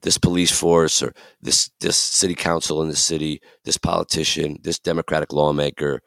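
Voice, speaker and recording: A man with a deep, gravelly voice hosts a reflective podcast. He talks earnestly and with emphasis, acting out the voices he quotes. The sound is close and dry. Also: level tone, normal speed, fairly bright tone, no echo. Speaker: podcast host.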